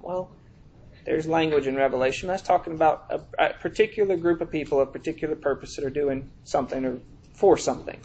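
High-voiced preacher drawing out scripture. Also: male voice, darkish tone, dull audio. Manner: reads scripture aloud in slow, drawn-out emphasis; conversational, checks in with "all right?". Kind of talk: sermon.

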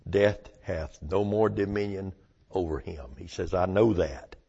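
A man preaching a sermon in a slow, deliberate cadence, leaning on single words with long pauses. His voice is somewhat low and gravelly. The recording sounds a little muffled and lo-fi. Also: warm tone.

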